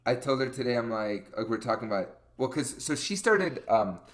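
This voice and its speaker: Young male co-host, chatty and animated, middling pitch. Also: normal speed. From Colorado. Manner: animated storyteller, acts out quotes. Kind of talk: casual chat.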